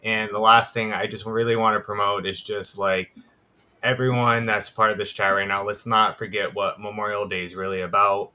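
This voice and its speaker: A middle-aged man guest on a live stream, speaking earnestly with some pauses. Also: fairly low pitch, level tone, sharp tone. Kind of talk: casual chat.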